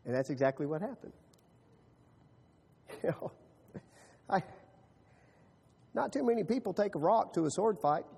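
A man preaching a sermon who tells the story in an animated way, often repeating words as he starts a line. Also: high voice, measured pace, gravelly, pauses often, slightly rough. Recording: long reverb of a large hall.

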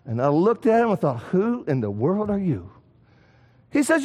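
High-voiced preacher in an echoey hall. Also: male voice, very animated, a little slow. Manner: emphatic preaching, rising to shouts and dropping low. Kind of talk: sermon.

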